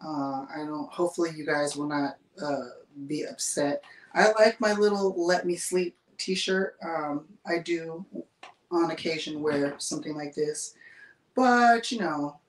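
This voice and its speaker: A chatty woman hosts a laid-back livestream, greeting viewers and reading their comments aloud with frequent laughter. Her middle-pitched voice comes at a measured pace and sounds distant from the mic in a roomy, echoing space.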